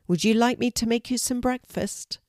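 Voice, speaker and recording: Grandma reading a friendly dad, plain voice, dry close sound. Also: female voice, fairly high pitch, normal speed, a little mellow, no room sound, voice pushed up, close to an everyday voice. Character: friendly, helpful father.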